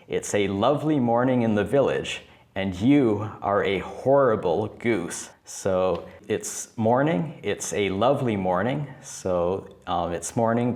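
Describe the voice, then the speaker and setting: A man teaching English to beginners, talking through a video game in simple, repeated phrases. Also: fairly low pitch. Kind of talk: slow teaching commentary over gameplay.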